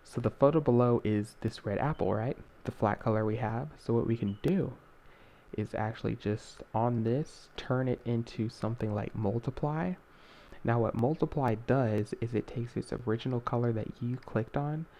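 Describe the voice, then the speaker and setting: A man's voice: mid-range voice, normal speed, mellow, slight background noise. A young man hosting a casual screen-recorded art tutorial, talking in a rambling way with many fillers and self-corrections.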